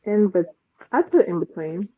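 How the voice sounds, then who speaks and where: A woman's voice: fairly low pitch, expressive, moderate pace, phone-quality sound, a crowd in the background. A woman co-hosting a casual chat, hesitant and stammering as she thinks aloud. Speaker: co-host.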